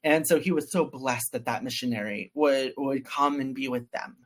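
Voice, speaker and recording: A man's voice: medium pitch, moderate pace. Male interview guest, casual storyteller, acts out quotes with animation. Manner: animated, quoting others in acted voices.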